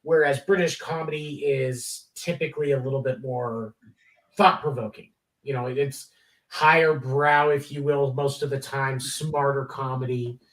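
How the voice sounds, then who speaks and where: A man's voice: medium pitch, steady tone, unhurried, a bit bright, echoey room, far from the mic, low-quality recording. A man co-hosting a late-night sports talk podcast, chatting casually and rambling with many restarts. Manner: rambling, many restarts, enthusiastic about comedy. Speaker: podcast co-host. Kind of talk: casual chat.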